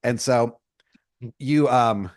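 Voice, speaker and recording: A man's voice: mid-range voice, extremely slow, no echo, clean studio sound. A man co-hosting a comedy podcast, improvising a rambling story with lots of restarts. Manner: rambling, full of likes and restarts. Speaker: podcast co-host.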